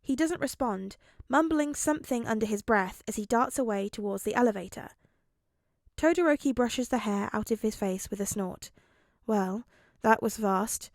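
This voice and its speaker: A woman's voice: a little high, expressive, moderate pace, dry recording, studio quality. A woman narrating a fan-fiction story as an audiobook, reading expressively. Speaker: fanfic audiobook reader.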